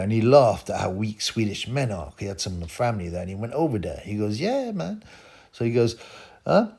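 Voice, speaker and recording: A man's voice: on the low side, a little mellow. A man hosting a boxing channel, ranting alone in a scornful, mocking way, with rambling asides and bursts of laughter. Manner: frequent laughs and "you know" asides. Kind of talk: ranting solo commentary.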